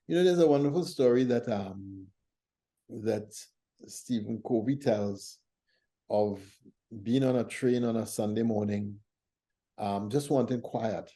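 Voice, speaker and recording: A man hosting a faith talk show, teaching and telling stories in a thoughtful, measured way. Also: on the low side, warm tone. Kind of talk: reflective conversational teaching.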